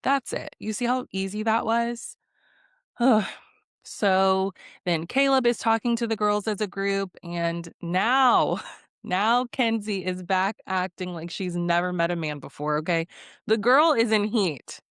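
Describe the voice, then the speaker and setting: A woman's voice: medium pitch, measured pace, a bit bright, clear, resonant tone, no room sound, clean studio sound. A young woman recapping a reality TV episode in a casual, blunt and exasperated way.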